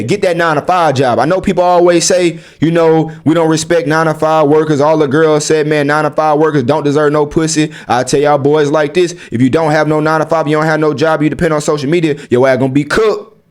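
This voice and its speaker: A man's voice: a little high, fairly even intonation, fairly quick. A young man giving blunt, slang-heavy life advice straight to his viewers, firing rhetorical questions at them. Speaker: vlogger. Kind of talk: casual advice monologue to camera.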